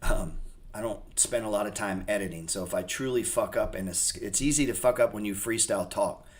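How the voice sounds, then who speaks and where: Casual male host with a lowish voice, rambling off the cuff, swearing and joking with viewers. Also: brisk. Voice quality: rambling, profane, loose and joking. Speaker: trading channel host. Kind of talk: casual unscripted livestream chat.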